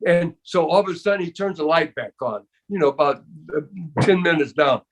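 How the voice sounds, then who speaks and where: In a casual interview, an older man tells a long story, stumbling, restarting, and sprinkling in "man" and "you know" throughout. His voice is somewhat higher than most men's, lively in intonation and a little fast.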